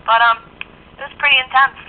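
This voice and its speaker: A woman's voice: high voice, steady tone, a little fast. A young woman telling a long casual story, rambling with lots of fillers, heard over a tinny phone line. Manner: rambling, lots of fillers like "you know" and "and stuff". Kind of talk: casual chat.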